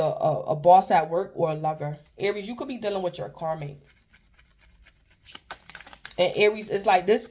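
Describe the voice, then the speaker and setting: A woman's voice: mid-range voice, darkish tone. A woman giving a casual tarot reading, rambling and repeating herself as she keeps addressing the listener by star sign. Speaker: tarot reader.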